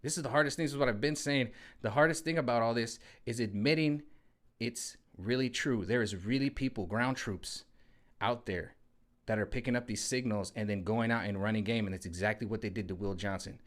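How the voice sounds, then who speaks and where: Heat has this male vlogger sweating as he records a political rant at home. His mid-range voice runs a little fast through a rambling, slangy monologue stuffed with "you know what I'm saying."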